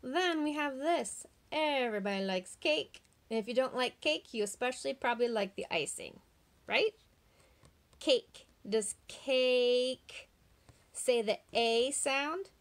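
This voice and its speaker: A woman's voice: high voice, lively intonation. A woman teaching young children phonics online, drawing out the sounds of words and asking patient, encouraging questions. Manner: slow, drawn-out sounding out of words.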